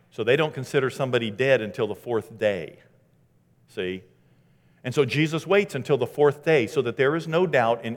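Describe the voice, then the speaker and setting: A man preaching with casual, lively energy who acts out the scripture quotes he tells. His voice sits in the middle range, and it rings with a long reverb from a large hall. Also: mid-range voice. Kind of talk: sermon.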